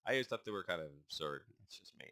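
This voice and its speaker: A man with a low, forceful voice reads through a list and muses on each entry. He speaks in a casual, halting way and stumbles over names he does not know. The sound is dry and close, with no room echo. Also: animated. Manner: thinks aloud, halting over unfamiliar names. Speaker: channel host. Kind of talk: casual musing while reading a list aloud.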